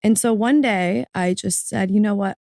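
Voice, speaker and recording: A woman's voice: normal speed, creaky, a little mellow, no room sound, studio quality. A woman guest and author, telling her story in an earnest, reflective way on a podcast interview. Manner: earnest and reflective, voice rising high when moved to tears. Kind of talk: emotional personal storytelling.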